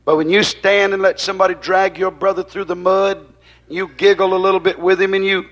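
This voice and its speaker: Fiery bright-voiced preacher. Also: male voice, high voice, little pitch movement, a little fast, highs cut off. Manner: rhythmic, repetitive, rising and falling in intensity. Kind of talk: fiery sermon. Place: church.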